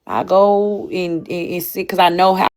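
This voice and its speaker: A young woman with talks frankly on a casual livestream. Her voice sits low, and she circles back over her words and restarts often. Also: fairly even intonation, moderate pace. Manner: candid, repetitive, emphatic with frequent restarts. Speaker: livestream host.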